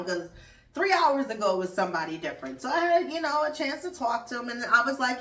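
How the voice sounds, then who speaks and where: A woman in her thirties hosting her podcast in casual solo chat, animated, swearing and laughing as she talks. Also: high voice, fairly quick, distant mic. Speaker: podcast host. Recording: roomy echo, off-mic.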